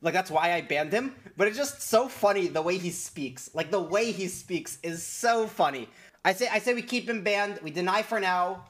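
Young man streamer, lively and bright. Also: sits high, normal speed. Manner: laughs often, swears casually. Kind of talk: casual livestream chat.

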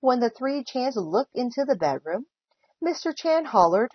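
A woman volunteer reading a children's book aloud with expressive storytelling. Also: fairly high pitch, unhurried, slightly rough, no room sound, muffled recording. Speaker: volunteer reader.

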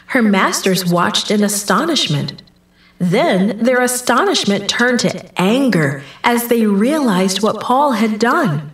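Church lady reading a kids bible story, real slow, echoey room, mic far away. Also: mid-range voice. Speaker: children's story teller. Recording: roomy, distant microphone.

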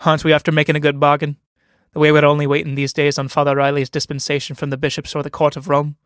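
Spirited, teasing young country woman, read by a man; sharp and impatient, lifted voice. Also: a little high, completely flat delivery, fast talker, smooth, dry recording, studio quality, lightly acted. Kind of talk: dramatic play reading.

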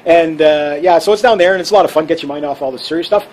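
Male vlog host, high-pitched, assertive and rambling, with faint street noise behind. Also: rapid-fire, a little mellow, rough recording. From Canada. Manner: assertive, rambling, with fillers and restarts. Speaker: channel host. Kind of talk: casual opinion vlog.

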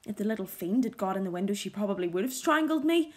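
A woman reading the lines of a nervous, fussy gentleman who is a house guest, speaking in a formal, wordy way. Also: mid-range voice, lively intonation, fast talker, close to an everyday voice. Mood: indignant.

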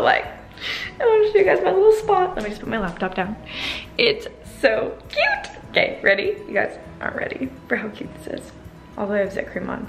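A woman's voice: medium pitch, vocal fry, a bit bright. A young woman in her twenties chatting casually to her camera at home, giggly and self-mocking. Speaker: vlogger. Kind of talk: casual vlog chat to camera. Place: home kitchen and small room, indoors. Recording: noisy home camera audio.

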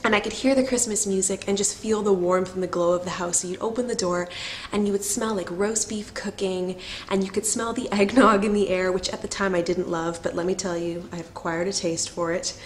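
A young woman talks to her camera at home, warm and chatty, with plenty of fillers and small laughs. She sounds a little teary and emotional. A faint hiss sits under the recording. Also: mid-range voice, fairly even intonation, fairly quick. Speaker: vlogger. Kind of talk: casual to-camera storytelling.

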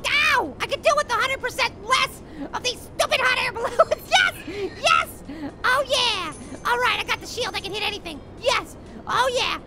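A woman voicing a tiny, childlike cartoon apple who gives giddy gameplay commentary, laughing a lot and shouting silly catchphrases at the game. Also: very high voice, moderate pace, few pauses. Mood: excited. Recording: game music playing behind the voice. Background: game music and sound effects.

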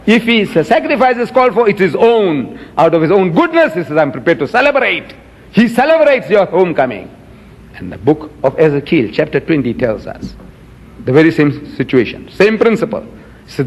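A man's voice: fairly high pitch, very animated, moderate pace. A man giving an emphatic religious lecture to an audience, quoting scripture with dramatic swings in his voice. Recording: dull lo-fi archive recording in a reverberant hall.

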